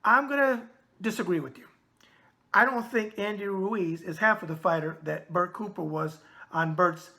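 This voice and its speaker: A brash man in his sixties with a thick New York accent, hosting a boxing show and answering viewer mail. His voice is bright and forceful, with a streetwise swagger and plenty of catchphrases. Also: high voice. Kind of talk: casual chat answering viewer emails.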